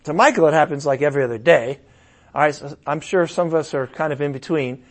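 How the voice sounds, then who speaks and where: Man, middle-aged, pastor, sermon, slightly high voice, casual delivery with loud emphatic bursts. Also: quick pace.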